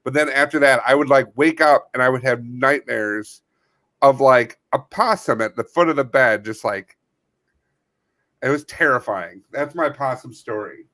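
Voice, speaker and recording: A man's voice: medium pitch, normal speed, fairly bright tone, dry recording. A man co-hosting a comedy podcast, telling a rambling story in casual chat. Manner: rambling storyteller, playful bits. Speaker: podcast co-host.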